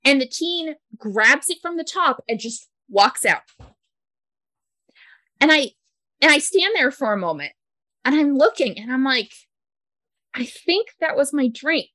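A woman co-hosting a casual chat, retelling a story in a chatty way with laughter and halting restarts. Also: high voice, bright, forceful tone, no echo. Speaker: podcast co-host.

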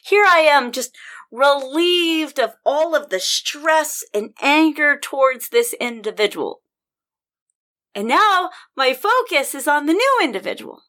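A woman's voice: sits high, animated, a little slow, sharp tone. A woman in casual conversation, telling a personal story with passion and vivid detail. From Denver. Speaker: podcast guest storyteller.

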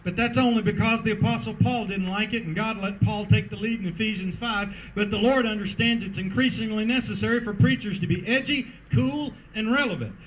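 A man's voice: sits high, a bit bright, a little hiss or hum, rough recording. A man preaching a sermon as pastor at an outdoor parking lot service, emphatic and rhythmic with repeated refrains.

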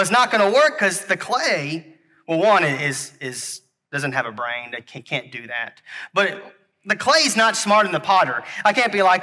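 Earnest preacher with a bright voice. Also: male voice, fairly high pitch. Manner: earnest, halting, repeats himself; talks to children in the congregation. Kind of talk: sermon with object lesson.

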